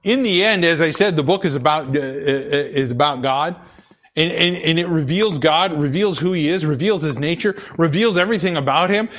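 A man's voice: on the high side, normal speed, a bit bright. A man preaching a sermon, repeating key phrases for emphasis and often stumbling and restarting. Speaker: pastor.

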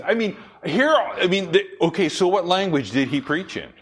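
A man's voice: high voice, sing-song, normal speed, hardly any pauses, a bit bright, husky. A man from the Pacific Northwest preaching a sermon in a conversational way, reading scripture aloud and asking and answering his own questions. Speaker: pastor. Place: church with congregation laughing.

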